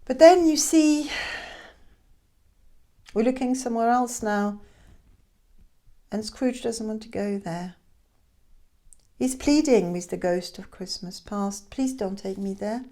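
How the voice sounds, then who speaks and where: A woman telling a classic tale aloud in a chatty, expressive way with hesitant asides. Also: on the high side, slow, pauses often. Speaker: storyteller. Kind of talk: informal oral storytelling.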